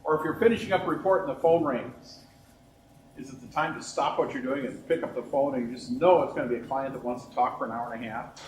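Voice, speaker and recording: A man's voice: mid-range voice, quick pace, distant mic. A man co-leading a workshop, jokey and demonstrative as he banters with his co-presenter. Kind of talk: lunchtime workshop talk. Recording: echoey room with faint noise.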